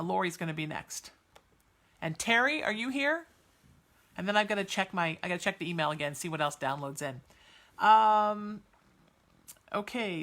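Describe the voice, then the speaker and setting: A woman with a mid-range, fairly bright voice hosts a podcast and reads for chat viewers live as a psychic. Chatty and filler-laden, she stays soothing and reassuring, calling listeners sweetheart.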